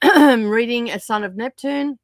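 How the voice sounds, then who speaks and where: A woman hosting a casual livestream, greeting viewers and chatting, her voice croaky from a sore throat. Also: fairly high pitch, measured pace, dry recording, studio quality. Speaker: livestream host. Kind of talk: casual livestream chat reading out viewer comments.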